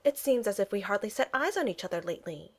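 A woman's voice: mid-range voice, animated, quick pace, darkish tone. A woman voicing a sweet, earnest young Regency lady about to be married, speaking in proper phrasing.

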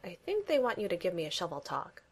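A woman doing a quiet polite young man. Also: fairly low pitch, huge pitch swings, fast talker, husky, exaggerated voice. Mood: earnest. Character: earnest young man on a nervous date. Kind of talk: fan fiction reading.

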